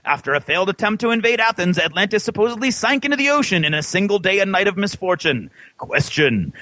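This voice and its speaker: A man hosting a gaming podcast quiz in a theatrical, booming voice that rides high and swings widely. His tone is bright and ringing, and the recording is close and dry. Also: no echo, low-quality recording. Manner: theatrical, booming mock-scolding announcements. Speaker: podcast host running a trivia quiz. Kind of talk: quiz host with dramatic read-out trivia.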